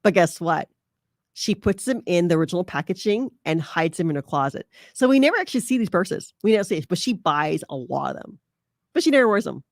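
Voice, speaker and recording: A woman's voice: lowish voice, sing-song, brisk, dry recording. Woman, podcast host giving relationship advice, chatty and prone to laughing, close dry mic. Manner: chatty, laughs often, frequent fillers.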